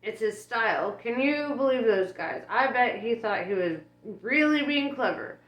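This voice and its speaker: A woman's voice: fairly high pitch, animated, unhurried, reverberant, voice pushed up, poor audio. A woman doing a sly, sarcastic demon. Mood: mocking. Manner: sarcastic, snappish. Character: sly male demon, sulky and quick.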